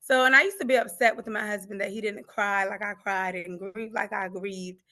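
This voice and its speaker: A woman's voice: mid-range voice, steady tone, normal speed, pushed and bright. A middle-aged woman, a grief coach, passionately telling her story of faith with acted-out quotes. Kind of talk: emotional personal testimony.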